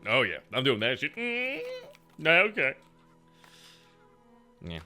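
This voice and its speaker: A man's voice: medium pitch, wildly swooping pitch, takes it slowly, pushed and bright, soft background music. A man chatting casually and joking with profanity while he streams a game. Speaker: VTuber streamer.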